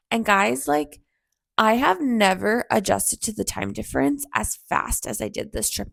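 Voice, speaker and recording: A young woman hosts a solo podcast, and her voice is husky and hoarse from a cold, full of deep gravelly fry. She talks in a chatty, reflective way, scattering "like" through her sentences, and the sound is dry and close with no room echo. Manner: chatty, reflective, many fillers like "like". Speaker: podcast host. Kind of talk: casual solo podcast talk. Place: home in Austin.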